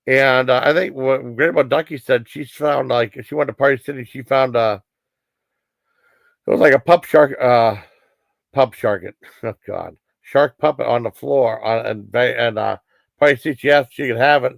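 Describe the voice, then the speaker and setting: Male streamer, gravelly mid-pitched voice, loose rambling movie recap, dry close mic. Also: normal speed, dry recording. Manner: rambling, full of fillers and quoted lines. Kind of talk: casual livestream movie recap.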